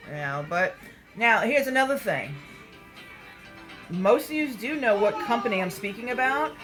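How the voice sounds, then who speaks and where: Woman, livestream host, casual chat, blunt, swears, lively pitch, faint music behind. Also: measured pace, low-quality recording. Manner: candid and blunt, swears freely, laughs often. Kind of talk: casual livestream chat, answering viewer comments.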